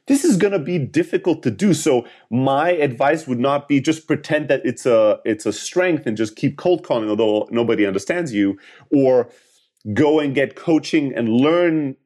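A man's voice: medium pitch, darkish tone. A man giving sales advice as a podcast guest, explaining things step by step and checking in with little tag questions. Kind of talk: casual advice in a podcast interview.

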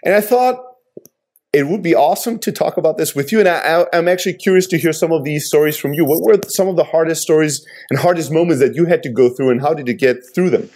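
A man in his thirties hosts a candid talk about hard moments in business. His voice sits a little high for a man, earnest and reflective. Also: quick pace, darkish tone. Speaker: podcast host, entrepreneur. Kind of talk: casual conversation.

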